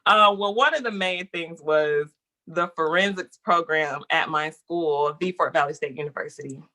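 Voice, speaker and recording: A woman guest in a casual interview, telling a story in a lively, animated way and acting out what people said. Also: deep voice, moderate pace. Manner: lively, animated storyteller who acts out quotes.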